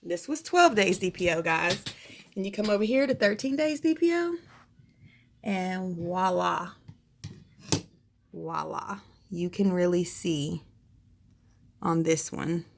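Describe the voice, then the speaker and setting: A woman's voice: mid-range voice, big pitch swings, normal speed, slight background noise. Young woman, chatty, frank, lots of fillers, home vlog. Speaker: vlogger sharing pregnancy test results. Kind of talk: casual chat to camera. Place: home, indoors.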